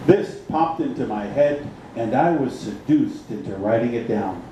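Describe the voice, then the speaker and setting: A man reading his own poems aloud at a poetry night in a slow, measured, theatrical way with playful swings in pitch. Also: lively intonation. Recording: very echoey room with faint ambient noise.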